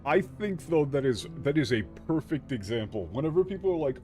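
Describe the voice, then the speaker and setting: A tired young man giving animated, joking let's-play commentary as a streamer, swearing freely. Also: fairly high pitch, a little fast, few pauses. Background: faint game music.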